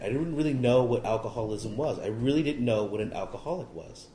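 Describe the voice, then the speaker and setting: A man's voice: medium pitch, expressive, a little fast, few pauses, crowd noise. Rambling middle-aged man in an echoey room. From California. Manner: rambling, self-deprecating, wry humor. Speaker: recovery meeting speaker. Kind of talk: personal testimony talk.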